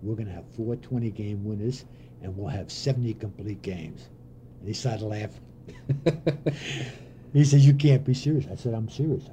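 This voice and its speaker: Older man telling old stories, dark voice. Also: fairly low pitch, normal speed, long pauses, slight background noise. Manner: animated anecdotes with voiced quotes and laughs. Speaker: former pitching coach. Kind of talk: storytelling interview.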